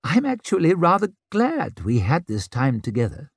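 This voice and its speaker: A man playing a young prince, wry, ironic, courtly, slightly raised pitch, dry sound. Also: huge pitch swings, moderate pace, no room sound, exaggerated voice. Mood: wry, formal.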